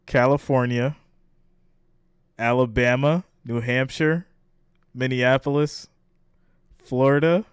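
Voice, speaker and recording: A man's voice: mid-range voice, steady tone, slow pace, long pauses, smooth, no room sound, clean studio sound. A man from New York hosting a live stream in a casual chat style. He reads viewer guesses aloud and laughs often.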